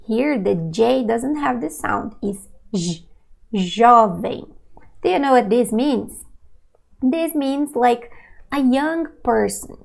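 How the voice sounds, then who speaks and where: A woman gives an online language lesson, speaking slowly and patiently and checking understanding often. Her voice sits a little high and carries a strong, gravelly fry. The tone stays calm and instructive. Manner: patient, explains slowly with many checks of "okay?". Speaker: language teacher.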